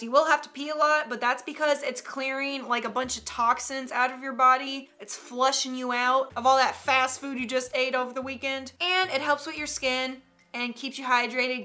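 A young woman with a high, bright voice chats through a meme reaction vlog. She is giggly and playfully sassy, talking straight to her viewers. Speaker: YouTube host.

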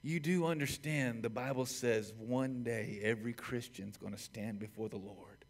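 A male pastor preaching a sermon emphatically, with building repetitions. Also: fairly low pitch.

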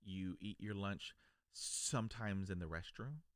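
A man's voice: low voice, unhurried, clean tone, dry recording, clean studio sound. A man from South Texas who stutters, telling his own story to camera in an earnest, reflective way. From South Texas, USA. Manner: stutters, with repeated words and broken starts. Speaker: video creator.

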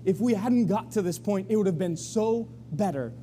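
A man preaching to his church with a high voice that is also very dark and mellow. He tells the story with energy and acts out the crowd's voices. A faint hum sits under the live-stream sound. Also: lively intonation, moderate pace. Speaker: pastor. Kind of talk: sermon. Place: church sanctuary.

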